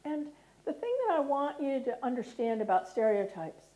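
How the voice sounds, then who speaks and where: A woman's voice: high voice, lively intonation, moderate pace, mellow. A middle-aged American woman giving a lecture, often checking in with the audience by asking "right?". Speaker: speaker. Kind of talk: lecture talk.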